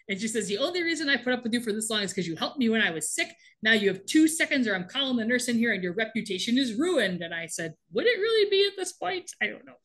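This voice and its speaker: A podcast co-host recapping a TV episode, this woman has a bright, slightly high voice and chats casually. She's animated, laughing often and swinging into quick impressions that act out the characters' lines.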